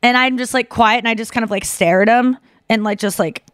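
A woman hosting a podcast, spinning a story in chatty, animated fashion with plenty of fillers and voices for each person she mentions. Her voice sits fairly high, and the sound is close and dry, with no room around it. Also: brisk, no room sound. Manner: animated, filler-heavy, acts out others' voices. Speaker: podcast host. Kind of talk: casual storytelling chat.

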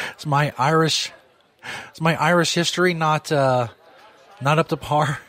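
A man's voice: a little high, fairly even intonation, slow, long pauses, fairly bright tone. Joking man hosting live pub radio. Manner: laid-back, joking, laughs at own bits. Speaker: radio show host. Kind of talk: casual live radio chat. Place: pub during a live broadcast. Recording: crowd and music behind. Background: rowdy crowd and music.

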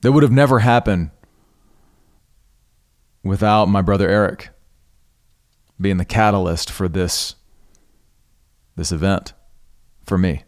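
A man hosting a podcast, earnestly recounting a personal spiritual experience in an unhurried way, pausing and restarting mid-thought. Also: deep voice. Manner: spiritual, devout tone. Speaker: podcast host. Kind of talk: reflective personal storytelling.

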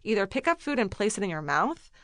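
Blunt young woman, lively chatter. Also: mid-range voice, fast talker, dry recording. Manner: blunt, opinionated, swears casually. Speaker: podcast co-host. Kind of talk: casual chat.

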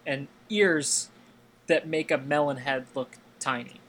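A man hosting a casual podcast tells a long anecdote, filling it with fillers and laughing along with his friends. His voice is on the high side, a little slow and fairly bright, in a relaxed storytelling chat.

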